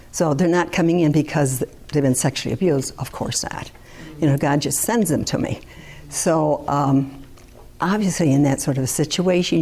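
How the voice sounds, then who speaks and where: A woman's voice: deep voice, warm tone. An older woman, a therapist, giving a candid talk to an audience and mixing in personal asides. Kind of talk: lecture to an audience.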